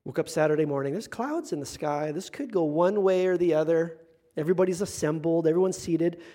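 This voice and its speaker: A man with a high, light voice preaches a sermon in a relaxed, conversational way. He's a middle-aged pastor who slips into other people's voices to act out what they say.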